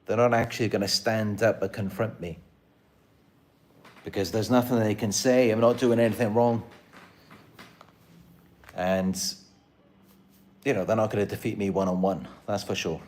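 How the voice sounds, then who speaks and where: Male channel host, low voice, earnest and aggrieved, loose rambling monologue to camera. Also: fairly even intonation, normal speed, pauses often, darkish tone. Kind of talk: casual live-stream monologue.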